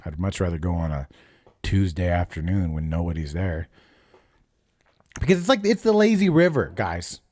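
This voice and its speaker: Laughing frequently, a podcast host in his thirties swaps stories in relaxed, foul-mouthed conversation. His voice is low and a bit mellow.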